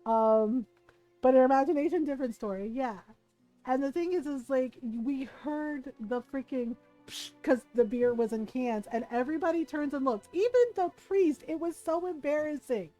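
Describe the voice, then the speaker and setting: A woman streamer chatting as she plays a game, telling an animated, rambling family story full of asides. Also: high voice, normal speed, soft background music, poor audio. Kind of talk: casual storytelling while playing a game.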